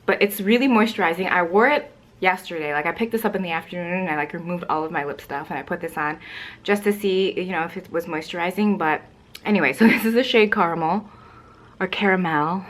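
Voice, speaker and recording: A woman's voice: on the low side, brisk. A young woman chatting casually to camera at home about makeup, rambling with lots of fillers and a little out of breath. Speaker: beauty vlogger.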